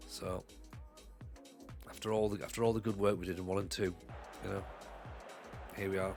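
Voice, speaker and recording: A man's voice: low voice, steady tone, normal speed, vocal fry, a little mellow, soft background music. A man with a Northeast English accent, streaming live as he plays a football management game, rambling and joking about himself while nursing a cold. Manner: rambling, joking, self-deprecating. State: has a cold. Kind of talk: casual live-stream commentary.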